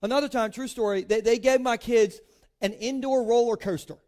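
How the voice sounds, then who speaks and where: Preaching to a congregation from a church stage, a Delaware pastor in his thirties uses a very high-pitched, a little mellow voice with a steady tone at a moderate pace. He's chatty and jokey, dropping in "like" and playful asides throughout.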